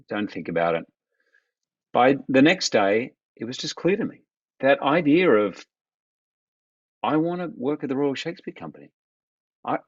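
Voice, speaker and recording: A man, animated as he tells personal stories in a podcast interview. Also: mid-range voice, no room sound, muffled recording. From Australia. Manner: animated, acts out quoted voices of others. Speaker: guest. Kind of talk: reflective storytelling in conversation.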